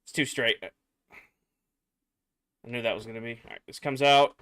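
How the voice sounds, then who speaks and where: A man's voice: mid-range voice, moderate pace, clear, resonant tone. Male streamer, young adult, worn out after work, easygoing chatter between viewer questions. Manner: relaxed, chatty, reads chat aloud and mutters while building. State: tired after a workday. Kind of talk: casual livestream chat.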